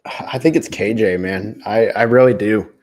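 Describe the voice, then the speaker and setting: A man co-hosting a basketball draft podcast, relaxed and conversational in casual chat. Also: lowish voice, normal speed. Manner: relaxed, conversational, many "like" and "right" fillers. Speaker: podcast co-host, draft analyst. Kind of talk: casual sports podcast talk.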